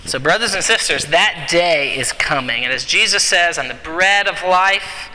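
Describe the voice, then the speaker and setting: A man's voice: on the high side, animated, normal speed, sharp tone. Earnest male preacher in a reverberant hall. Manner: earnest, repetitive emphasis, drops to a whisper on quotes. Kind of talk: sermon. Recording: long hall reverb, faint background noise.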